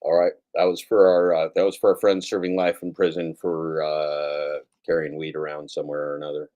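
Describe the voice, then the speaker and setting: A man's voice: very deep voice, completely flat delivery, a little fast, dark tone, dull audio. A man hosting his own livestream, rambling casually with frequent swearing and self-mocking repeats. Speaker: livestream host. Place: home setup with computer.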